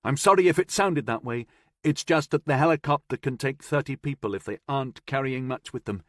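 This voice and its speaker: A man voicing a fierce, commanding woman leader who shouts high and shrill. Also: brisk, no room sound, clean studio sound, natural voice. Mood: apologetic.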